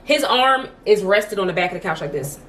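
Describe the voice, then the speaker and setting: With a bright, mid-range voice and lively intonation, a young woman vlogs from home at a brisk pace. She chats casually to camera, spinning stories full of "like" fillers, with a little hiss or hum in the background.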